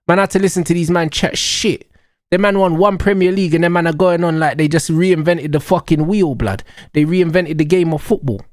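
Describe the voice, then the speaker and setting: A man's voice: on the high side, a little mellow, dry recording, clean studio sound. A young man ranting in a heated, mocking, slang-heavy way during a football watch-along. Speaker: streamer.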